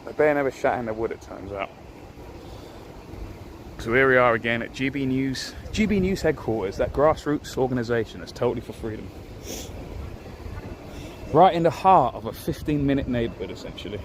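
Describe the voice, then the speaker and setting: A man's voice: medium pitch, lively intonation, normal speed, pauses often. A man, rambling and ranting as he livestreams outdoors on a city street. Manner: ranting, rambling, repeats himself. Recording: wind noise and traffic outdoors.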